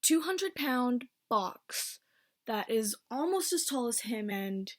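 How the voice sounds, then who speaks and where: A woman in her twenties telling a casual storytime, blunt and swearing freely, with quick bursts between slower stretches. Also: a little high, big pitch swings. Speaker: vlogger.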